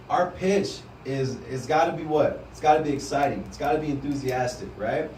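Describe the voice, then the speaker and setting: Energetic man coaching a group, far-off mic. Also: on the high side, slight background noise. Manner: energetic, coaching, often asks the group "right?". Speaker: sales team trainer. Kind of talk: live training talk to a group. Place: indoor room with a group. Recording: roomy sound from a distance, faint background.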